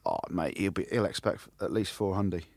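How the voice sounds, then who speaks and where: A man co-hosting a rugby podcast, talking in casual, animated banter and often restarting his sentences. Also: sits low, moderate pace, creaky, no echo. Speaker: podcast co-host, rugby pundit. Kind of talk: casual chat.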